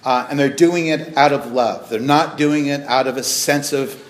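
A man preaching a sermon as pastor in a church, earnest and halting, with frequent restarts and fillers. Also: mid-range voice.

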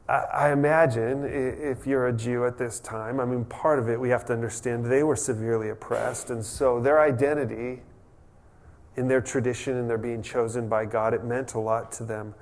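A man with a medium-pitched voice preaches as a pastor in a casual, talkative way. He restarts sentences and adds humorous asides along the way.

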